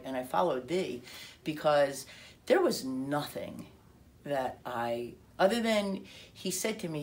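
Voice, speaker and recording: A woman telling a personal testimony story, acting out quoted dialogue with frequent restarts. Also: low voice. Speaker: speaker telling her testimony.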